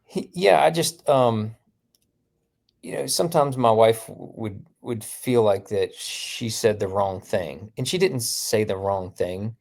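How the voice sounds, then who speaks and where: A middle-aged man, a guest, telling family stories in casual conversation, halting and restarting often. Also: lowish voice, creaky, darkish tone. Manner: storytelling, halting with restarts, quotes his family.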